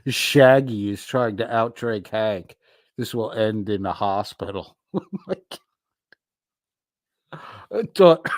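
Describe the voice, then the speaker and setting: A man's voice: mid-range voice, no room sound, studio quality. Crude, mocking male livestream host. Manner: crude, mocking and profane, prone to laughing. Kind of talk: reading viewer comments aloud on a livestream.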